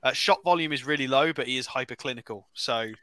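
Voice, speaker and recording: A man with an English accent co-hosts a casual football podcast, rambling through player stats with lots of fillers and restarts. His medium-pitched voice is fast, pushed and bright, with no room sound.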